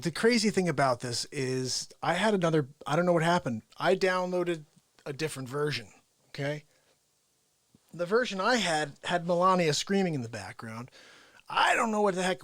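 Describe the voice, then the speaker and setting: A man's voice: on the high side, a bit bright, dry recording. A man hosting his own live show, rambling and joking, sometimes dropping into whispered asides. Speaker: host. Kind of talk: casual livestream chat.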